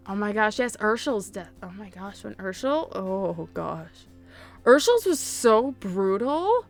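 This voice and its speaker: A woman's voice: medium pitch, sing-song, unhurried, vocal fry, faint music behind. Gushing woman chatting casually. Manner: gushing, emphatic, lots of fillers. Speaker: YouTuber. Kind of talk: casual fan chat to camera.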